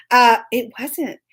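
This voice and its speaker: A woman's voice: a little high, fairly bright tone, breathy edge. A woman hosting a live online show from a phone on a tripod. She rambles through a story in casual chat, laughing often and breaking off to greet viewers by name. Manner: laughs often while telling stories.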